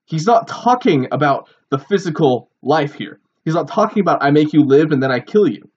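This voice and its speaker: A man's voice: on the high side, expressive, normal speed, few pauses, slightly rough, highs cut off. A man giving a sermon-style Bible teaching, explaining earnestly and posing rhetorical questions. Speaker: preacher.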